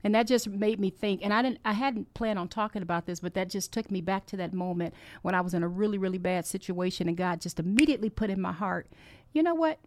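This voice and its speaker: Speaking quickly with few pauses, this female podcast host delivers an encouraging, earnest message of faith, exhorting listeners through personal stories that wander and start over. Her mid-range voice keeps a steady tone.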